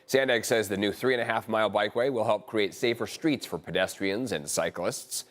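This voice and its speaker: A male morning news anchor with an American accent, reading stories in a measured, even way. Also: lowish voice.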